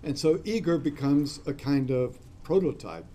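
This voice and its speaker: Mellow-voiced man giving a discursive lecture. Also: a little high, animated, moderate pace. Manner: discursive, spells out terms letter by letter. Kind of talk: classroom lecture.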